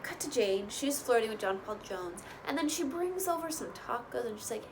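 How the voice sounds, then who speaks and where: A woman's voice: a little high, normal speed, background noise. Chatty woman recapping a reality show. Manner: chatty, full of "like" and "you know", quotes people in lively bursts. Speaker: recap host. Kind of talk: casual TV recap.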